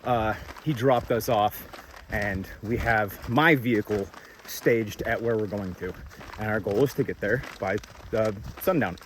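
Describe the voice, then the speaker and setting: A man's voice: on the low side, measured pace, a little hiss or hum. A young man hiking a mountain trail, a bit out of breath, rambling through an opinionated rant with plenty of fillers into a handheld camera outdoors. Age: young adult. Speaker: vlogger hiking. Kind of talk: casual ranting monologue.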